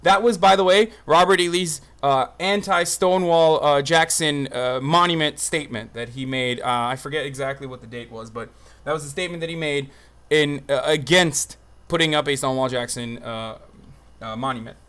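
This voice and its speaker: A young man runs a live stream from his phone, talking in a rambling, profane way and flaring up in exasperation. His voice sits a little high for a man. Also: moderate pace, a bit bright. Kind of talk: livestream commentary.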